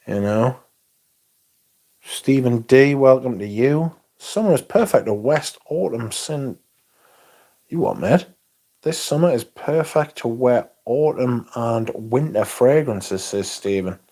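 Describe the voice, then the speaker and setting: A man hosts a casual livestream, reading viewer comments aloud in an unhurried drawl. His voice has a gravelly, creaky edge. He rambles along at an easy pace and swears offhandedly. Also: mid-range voice, darkish tone. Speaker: livestream host.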